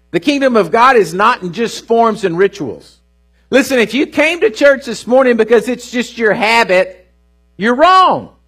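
A man delivering a church sermon in a high, husky voice. He preaches earnestly, repeating phrases and tossing out "hello?" to the congregation. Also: sharp tone. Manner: call-and-response preaching with "hello?" asides; earnest, repeats words for emphasis. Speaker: pastor. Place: church service.

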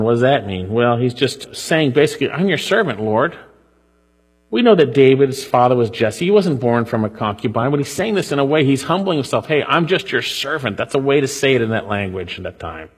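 A man's voice: medium pitch, slightly rough. A man preaching a sermon. He reads scripture aloud and then explains it with rising emphasis. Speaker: pastor. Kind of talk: expository sermon on a psalm. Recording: long hall reverb.

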